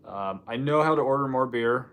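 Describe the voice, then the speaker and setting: A man's voice: medium pitch, normal speed, fairly bright tone. A man from Washington State hosting a casual live stream, rambling and joking while answering viewer comments. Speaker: livestream host.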